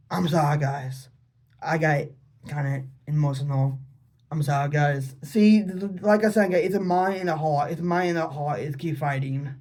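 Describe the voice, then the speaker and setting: A man's voice: a little high, fairly even intonation, moderate pace, a little mellow. A man vlogging an unscripted, rambling monologue to his father, repeating himself and asking pleading questions. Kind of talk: unscripted personal vlog monologue.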